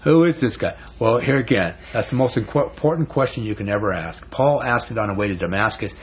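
A man's voice: fairly low pitch, quick pace. A man teaching a Bible study in a conversational, folksy way, often restarting words. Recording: dull lo-fi recording.

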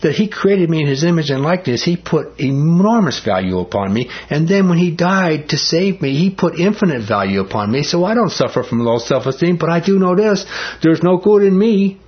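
A man preaching a sermon as pastor, speaking in a conversational, animated way that builds in emphasis. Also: on the high side, brisk, lo-fi sound.

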